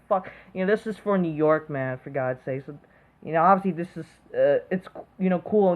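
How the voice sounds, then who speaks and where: A woman's voice: fairly low pitch, phone-quality sound. A woman hosting an online commentary video, delivering an angry, profane rant full of fillers, restarts and constant swearing.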